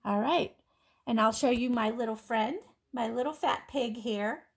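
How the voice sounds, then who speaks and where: A woman teaching kindergarten children phonics, sounding out letters and words slowly and clearly in a patient, encouraging way. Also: fairly high pitch. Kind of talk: phonics lesson for young children.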